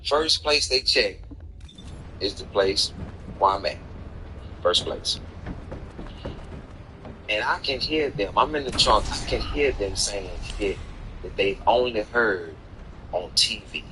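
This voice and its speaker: A man streaming gameplay, telling a personal story in an animated, profane way with bursts of laughter. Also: on the low side, slow, pauses often, noisy background. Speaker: gaming streamer. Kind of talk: casual storytelling over gameplay.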